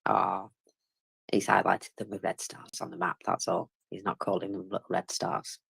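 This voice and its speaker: A woman's voice: very deep voice, flat delivery, normal speed, creaky, fairly bright tone, breathy edge. A tired, yawning woman gives casual live commentary on a war, chatty and informal, with many fillers and wry, self-mocking asides.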